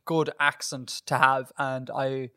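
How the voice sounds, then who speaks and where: An Irish man co-hosting a podcast, chatting in a lively way, laughing easily and explaining things for listeners. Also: medium pitch, slow pace, clear, resonant tone, no echo, clean studio sound. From northwest of Ireland. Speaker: podcast co-host. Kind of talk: casual chat.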